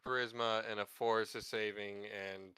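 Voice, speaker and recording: Male player, excitable and thinking aloud; bright, crisp delivery. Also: on the low side, moderate pace. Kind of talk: casual tabletop game chat.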